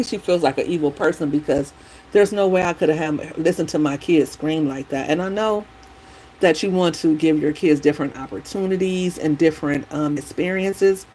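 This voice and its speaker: A woman's voice: low-pitched, normal speed, a little hiss or hum, poor audio. Chatty woman with rambling opinions. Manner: rambling, opinionated, animated retelling. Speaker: vlogger. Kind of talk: casual chat while doing her hair.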